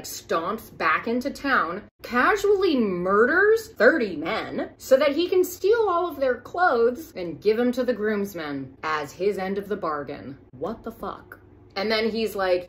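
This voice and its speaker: A woman's voice: medium pitch, lively intonation, moderate pace, a bit bright, a little hiss or hum. A woman retelling an old story as campy comedy, with profane, incredulous asides.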